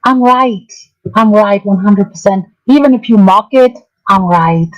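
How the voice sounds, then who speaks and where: A woman streamer hosts a livestream of drama commentary, ranting angrily, swearing a lot, and repeating herself. Her voice is medium-pitched at a measured pace, and the recording sounds muffled.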